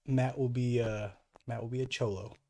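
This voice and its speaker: Male co-host, average pitch, easygoing short replies. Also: steady tone, normal speed, mellow. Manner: laid-back, brief replies and laughter. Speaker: podcast co-host. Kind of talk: casual chat.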